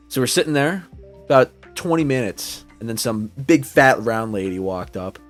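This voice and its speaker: A man's voice: fairly low pitch, normal speed, faint music behind. A young man co-hosting a podcast, telling a long story in a casual, profane way and acting out the quotes, heard over a call mic. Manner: animated, profane, acts out quotes. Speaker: podcast co-host.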